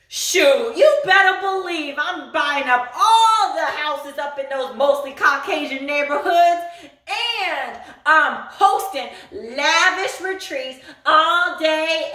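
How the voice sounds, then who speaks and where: A woman's voice: high voice, bright, forceful tone, echoey room, far from the mic, full character voice. A woman doing a mocking impression of a real activist in a parody monologue, drawling with sing-song fake crying and lots of "y'all.". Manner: drawling, says y'all a lot.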